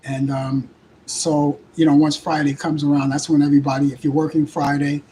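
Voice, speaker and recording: Older brooklyn guy hosting, voice shot and hoarse, rambly, highish voice, bit of hiss behind. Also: level tone, dark tone, poor audio. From Brooklyn, New York. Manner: rambling, repeats himself, halting restarts. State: hoarse, voice worn out. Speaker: host. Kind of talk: casual live show chat.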